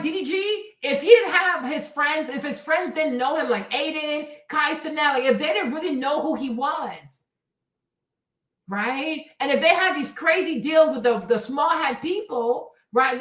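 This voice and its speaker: A high-voiced woman rants through a livestream commentary, swearing freely and hammering her points with repetition. Her voice rings around a hollow, echoey room. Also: lively intonation, measured pace, fairly bright tone. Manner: profane, emphatic, repeats herself for emphasis. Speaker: livestream host. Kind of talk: heated commentary rant.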